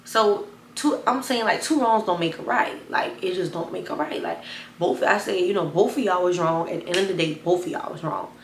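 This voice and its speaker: A young woman telling a wild personal story to camera, animated and chatty, talking straight to her viewers. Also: normal speed, reverberant, a little hiss or hum. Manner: animated, addresses viewers as y'all, bursts of high excited retelling. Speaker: storytime vlogger.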